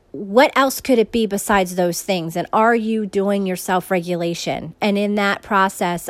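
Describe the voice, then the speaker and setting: A woman's voice: mid-range voice, no echo. Earnest woman podcaster, dry close sound. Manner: earnest, rambling with frequent "like" and restarts. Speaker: podcast host. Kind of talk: casual reflective monologue.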